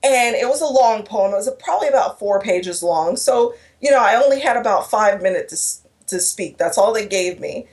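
A woman's voice: mid-range voice, expressive, normal speed, few pauses, darkish tone. A woman telling an emotional personal story in an interview, earnest, with restarts and quoted dialogue. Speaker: guest speaker.

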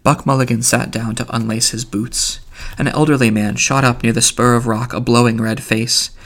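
Man narrating a novel, gravelly voice, steady measured reading. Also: medium pitch. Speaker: audiobook narrator. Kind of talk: literary audiobook reading.

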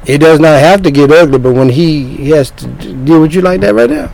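A man preaching a sermon in a combative, lecturing way, dropping now and then into low, threatening asides. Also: expressive, a little fast, vocal fry, darkish tone, rough recording.

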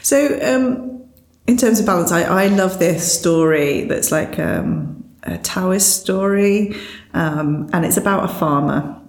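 A woman co-hosting a casual, reflective conversation, thinking aloud, laughing often and retelling a story with lively quoted voices. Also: lowish voice, slow, roomy sound.

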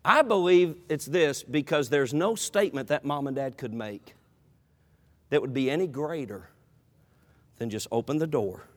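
A man preaching an animated sermon in a church, acting out Bible characters in dialogue. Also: mid-range voice, moderate pace. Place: church sanctuary. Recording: long reverb of a large hall.

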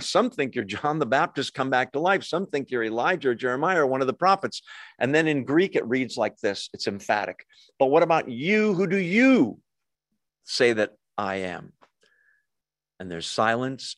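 A man's voice: medium pitch, fairly bright tone, dry recording. A man preaching a sermon as a pastor, teaching in a conversational way and often asking the audience questions.

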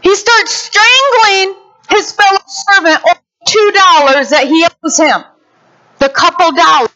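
Woman preacher, high voice, animated storyteller who acts out the characters; muffled lo-fi sound. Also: a little slow. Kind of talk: sermon. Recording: dull lo-fi sound.

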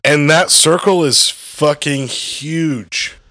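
A man's voice: on the high side, slow pace, bright, forceful tone, dry recording, studio quality. A man on a podcast, ranting in a heated, profane way in casual chat with a co-host.

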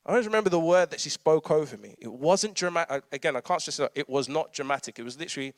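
A man's voice: on the high side, very fast, hardly any pauses, no room sound. A man, preaching a conversational sermon with humorous asides and frequent laughter. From London. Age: 30s.

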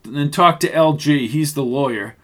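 A man narrating a mystery radio drama in a steady storytelling manner and voicing the detective. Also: on the high side, normal speed.

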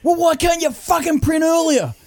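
A man voicing his grumpy, swearing old father, who shouts irritably. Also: very high voice, normal speed, pitched above the performer's own voice. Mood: angry.

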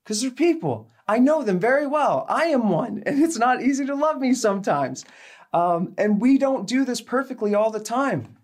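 A woman giving a sermon, telling a personal story with animated delivery and acting out the people in it. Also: a little high, normal speed. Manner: animated, acts out quoted people, laughs while telling. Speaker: speaker giving a faith talk.

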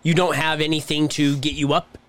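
A man's voice: on the high side, little pitch movement, a little fast, fairly bright tone, dry recording. A man co-hosting a casual podcast, joking along and musing laid-back about retirement. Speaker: podcast co-host.

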